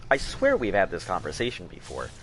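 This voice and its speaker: A man's voice: deep voice, huge pitch swings, brisk, a little hiss or hum. An American man chatting casually while gaming with friends, playful and jokey. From United States. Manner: playful, jokey, tries on accents. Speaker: gamer.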